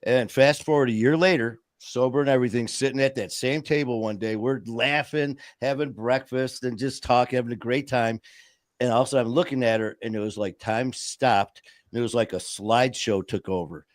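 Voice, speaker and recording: A man's voice: mid-range voice, steady tone, brisk, no room sound, clean studio sound. A man in casual podcast talk, earnestly telling a personal story.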